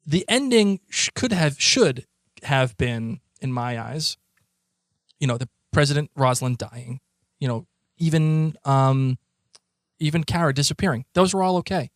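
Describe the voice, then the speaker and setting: A man with a Boston accent, co-hosting a podcast in a rambling, excitable casual chat. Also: on the high side, measured pace, no room sound, studio quality. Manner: rambling, excitable, many restarts. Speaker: podcast co-host.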